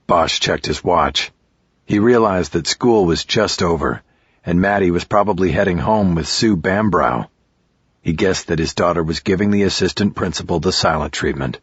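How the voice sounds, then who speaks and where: A male audiobook narrator with a deep, husky voice, reading in a steady, measured way. The recording is dry and a little dull. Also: no room sound. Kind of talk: scripted narration.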